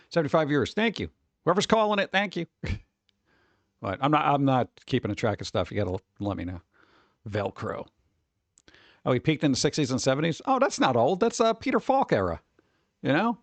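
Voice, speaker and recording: A tired man rambles casually on a livestream, sarcastic as he reads chat messages aloud. His voice is mid-range and the recording is dry.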